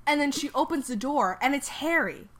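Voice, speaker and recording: A woman's voice: sits high, animated, moderate pace, a crowd in the background. A woman co-hosting a podcast, telling a rambling story in a giggly, casual way full of fillers. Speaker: podcast co-host.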